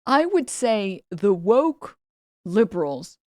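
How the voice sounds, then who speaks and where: A woman from New York, a streamer reacting to clips in casual commentary, emphatic and repetitive, swinging loud for effect. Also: medium pitch, sing-song, takes it slowly, no echo, clean studio sound.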